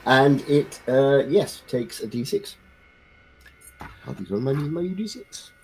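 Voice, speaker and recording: A man's voice: medium pitch, lively intonation, slow pace, a little mellow, slightly rough, rough recording. A man playing a tabletop game, playful and rambling, groping for game terms. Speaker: player. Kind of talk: casual tabletop play.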